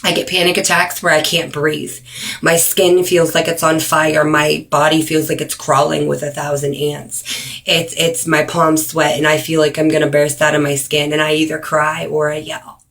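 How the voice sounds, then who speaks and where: A woman talking straight to camera in an earnest personal video, with many ums and pauses for emphasis. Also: sits low, little pitch movement, fairly bright tone. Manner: earnest, frequent ums, speeds up and slows down for emphasis. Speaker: vlogger. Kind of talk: earnest direct-to-camera awareness talk.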